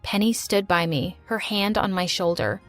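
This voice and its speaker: A woman narrating a dramatic animated story in the first person. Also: medium pitch, moderate pace. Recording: narration over faint music.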